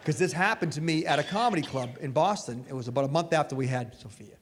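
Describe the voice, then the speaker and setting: Loud middle-aged comedian in an echoey club. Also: male voice, fairly high pitch, fast. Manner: loud, animated storytelling with shouted punchlines. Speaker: stand-up comedian. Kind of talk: stand-up comedy set. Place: comedy club stage before a live audience. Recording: live club recording, echoey hall with crowd noise.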